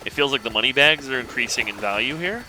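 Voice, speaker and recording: A man casually commenting on his own gameplay, thinking aloud in a relaxed, rambling way. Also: medium pitch, fast talker, slight background noise, low-quality recording. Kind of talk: casual let's-play commentary.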